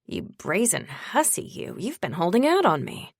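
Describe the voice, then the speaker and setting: A woman doing a sarcastic, playful young guy, louder and brighter. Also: lowish voice, huge pitch swings, moderate pace, vocal fry, breathy edge, no echo, clean studio sound, heavily acted. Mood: teasing. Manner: teasing, dramatic, sarcastic. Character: sarcastic, playful young male best friend.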